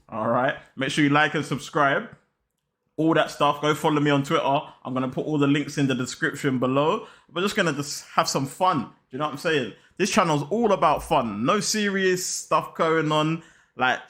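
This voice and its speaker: A young man chats about football in a loose, slang-filled way. He talks straight to his viewers with hype and energy, at an everyday pitch. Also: a bit bright. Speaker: football channel host. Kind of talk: casual football vlog chat.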